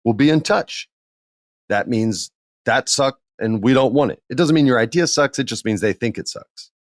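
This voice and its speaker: A middle-aged man hosting a podcast, telling a work story in a candid, animated way and acting out what others said. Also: medium pitch, normal speed, dry recording, clean studio sound. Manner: candid, animated, acts out quotes in others' voices. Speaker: podcast host. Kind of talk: casual storytelling monologue.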